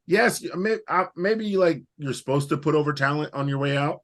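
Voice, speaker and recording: Animated, cursing podcast co-host man. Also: fairly high pitch, fairly quick, hardly any pauses. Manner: animated, profane, rambling banter. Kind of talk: casual chat.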